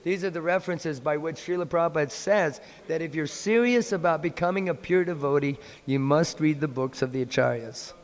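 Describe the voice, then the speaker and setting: A man giving a sermon in a temple hall, telling a story in a playful, animated way. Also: a little high, fairly quick, hardly any pauses. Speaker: monk lecturer.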